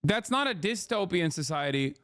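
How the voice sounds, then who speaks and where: Male streamer, loose and profane, slightly high voice, dry sound. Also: expressive, moderate pace, a bit bright, no room sound. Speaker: streamer host. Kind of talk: casual commentary.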